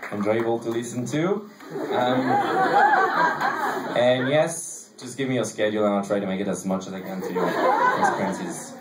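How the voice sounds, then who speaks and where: A host introduces the next reader at a live literary night in a basement bar. The delivery halts often on filler sounds. The voice sits back from the mic in a roomy space, with clear noise behind. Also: mid-range voice, far from the mic. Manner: hesitant, many fillers. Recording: echoey room, off-mic, audible noise.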